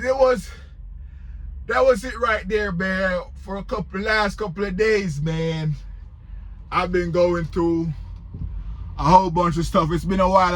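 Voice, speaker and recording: A man's voice: fairly high pitch, fairly bright tone. A man who drives trucks, chatting casually and rambling in a storytime vlog from his parked truck. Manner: laid-back, rambling, says "man" often.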